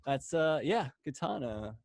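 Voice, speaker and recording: A man's voice: on the high side, very animated, measured pace, gravelly, a little mellow, no echo. A man co-hosting a podcast in casual chat, easygoing, laughing between remarks and using loose fillers. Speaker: podcast co-host.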